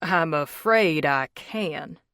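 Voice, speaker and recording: A woman's voice: sits low, lively intonation, takes it slowly, a bit bright, smooth, dry recording, studio quality, full character voice. A woman narrator voicing a sarcastic, hot-tempered young man who teases wryly and drags out his words. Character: cocky teasing young man, sarcastic billionaire.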